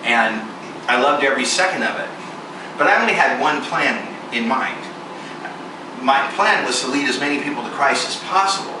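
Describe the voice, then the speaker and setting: A man delivering an animated sermon, acting out both sides of a story in a voice of middling pitch. He is recorded from well back in a strongly echoing room, with steady noise clearly audible underneath. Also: moderate pace, far from the mic. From United States. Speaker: preacher.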